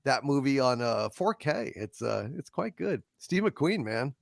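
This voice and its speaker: A man hosting a casual livestream about movies, chatty and animated, reading viewer messages and laughing often. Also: medium pitch, unhurried, gravelly, no echo, studio quality. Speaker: podcast host.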